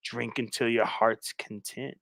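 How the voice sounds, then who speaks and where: Creepy murmuring stalker guy, low and slow, as a man puts him on, dry close sound. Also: flat delivery, vocal fry, fairly bright tone, dry recording. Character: creepy soft-spoken stalker man, menacing.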